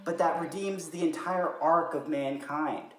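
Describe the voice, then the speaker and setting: A man's voice: a little high, a little slow. Young guy on a podcast, gets really into retelling stuff, echoey room, faint music behind. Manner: animated storyteller who acts out quotes and swears casually. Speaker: podcast co-host. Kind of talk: casual podcast discussion.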